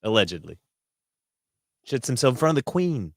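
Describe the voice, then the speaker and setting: A man's voice: medium pitch, sing-song, moderate pace, dry recording. A man co-hosting a podcast in casual chat, with dry and sarcastic jokes. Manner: sarcastic joking. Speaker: podcast co-host.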